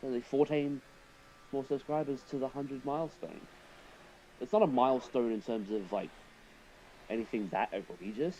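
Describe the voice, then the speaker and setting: A man's voice: mid-range voice, fairly even intonation, normal speed, pauses often, mellow, a little hiss or hum, low-quality recording. A man streaming a racing game, chatting casually and thinking aloud while he drives and answers his viewers.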